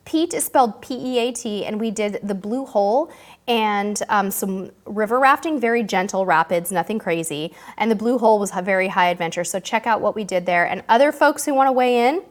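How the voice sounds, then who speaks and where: A woman's voice: medium pitch, expressive, brisk. A woman hosting a live-stream Q&A, reading viewer questions aloud in a bubbly, chatty way. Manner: bubbly, chatty, emotional, self-deprecating. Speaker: host.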